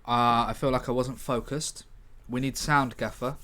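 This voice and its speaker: A man hosting a casual livestream, thinking aloud in a halting, self-correcting way as he works through a script. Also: mid-range voice, steady tone, bright, forceful tone.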